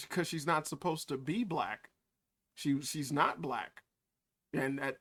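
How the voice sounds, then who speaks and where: A man's voice: a little high, fairly bright tone. A man doing reaction commentary on a video, mocking, swearing and often breaking into laughter. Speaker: YouTube commentator.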